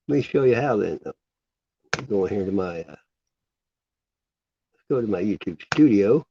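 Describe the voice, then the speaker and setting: A man's voice: lowish voice, lively intonation, moderate pace, long pauses, mellow. Man, casual vlog, rambling, incredulous, dull sound, faint noise. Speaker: vlogger. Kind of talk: casual chat.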